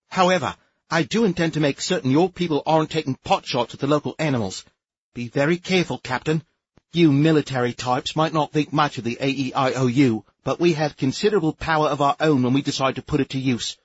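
A man's voice: on the high side, fairly quick, slightly rough, highs cut off, voice pushed up. A man voicing a stern, haughty alien inspector woman. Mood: haughty warning. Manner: clipped, haughty and accusing.

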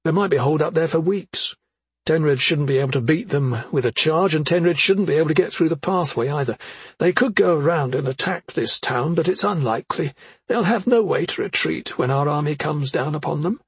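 A woman's voice: deep voice, fairly quick, breathy edge, no echo, pitched above the performer's own voice, exaggerated voice. A man reading an audiobook, voicing a worried middle-aged mother who questions her son sharply and skeptically. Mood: grave. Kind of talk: audiobook character voice.

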